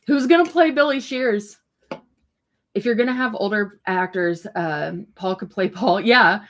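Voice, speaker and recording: Speaking a little slowly in a mid-range voice, a woman hosts a laid-back livestream and reacts to what viewers write. Her talk wanders, packed with fillers and an odd curse here and there.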